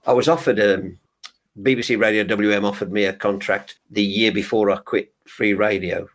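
A man's voice: on the low side, steady tone, normal speed. A man in his sixties with a Birmingham accent, a veteran radio broadcaster chatting frankly and jokily as a podcast guest. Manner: chatty storyteller, frank and jokey. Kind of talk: casual podcast chat.

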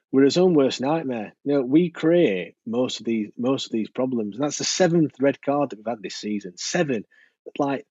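Husky frustrated man on podcast. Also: medium pitch, warm tone, dry recording. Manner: frustrated, hesitant, repeats himself. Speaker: podcast co-host. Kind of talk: football fan chat. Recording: dull dry lo-fi podcast audio.

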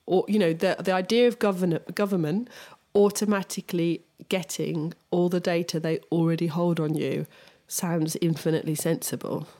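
A middle-aged woman with a somewhat low voice, chatting casually on a podcast. She tells anecdotes at an easy conversational flow, breaks into laughter often and restarts sentences as she thinks aloud. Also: fairly even intonation, moderate pace, dark tone. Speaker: podcast co-host. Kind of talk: casual chat.

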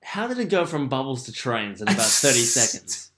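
A man's voice: medium pitch, big pitch swings, a little fast, a bit bright. A young man co-hosting a casual podcast chat, camp and teasing in his banter. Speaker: podcast co-host.

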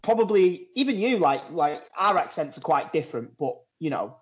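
Man, Manchester accent, fairly high voice, chatty podcast co-host, dull lo-fi call sound. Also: very animated, moderate pace. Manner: chatty, laughing, trailing off. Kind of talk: casual chat. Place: outdoors in a garden.

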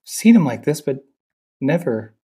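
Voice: medium pitch, very animated, unhurried, dark tone, slightly rough. A podcast co-host chatting casually about a film, chiming in with quips and laughing. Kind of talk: casual movie chat.

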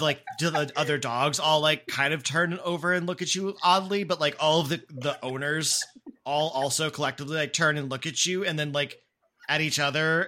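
A man's voice: fairly high pitch, pushed and bright. A man running a tabletop role-playing game as game master, narrating casually with many fillers.

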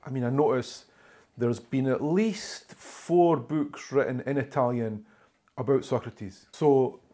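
A man with a warm, medium-pitched voice talks slowly through a long, rambling story, frequently restarting. He is an author and journalist being interviewed, sharing it in a conversational storytelling style.

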